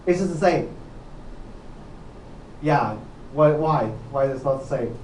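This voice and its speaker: A man's voice: on the high side, a little slow, a little hiss or hum. A man lecturing on programming, who often checks with "okay?" and quizzes his students. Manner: repetitive, asks students questions, many "okay"s. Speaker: university lecturer. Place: lecture hall. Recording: echoey lecture hall, mic at a distance.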